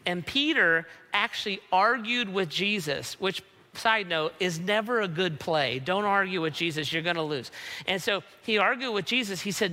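A man preaching a sermon, relaxed and conversational, who often checks in with the listeners by asking "right?". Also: high-pitched, normal speed, in a large hall. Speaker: pastor.

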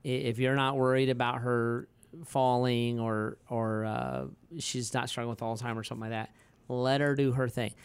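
A man's voice: mid-range voice, moderate pace, clear, resonant tone, dry recording. A man in his forties, a pastor, talking casually on a podcast, rambling through stories with many fillers and restarts and laughing easily.

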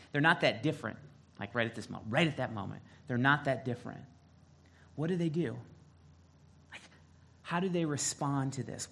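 A male pastor preaching a sermon, retelling a story in a casual, animated way and acting out the quotes. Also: medium pitch.

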